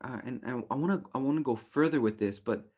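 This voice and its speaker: Speaking quickly, a young man runs a relationship class with a loose, energetic delivery, often tossing "right?" to his listeners. His pitch stays in the middle range, and he puts on playful voices to act out his own quoted thoughts in this casual teaching talk.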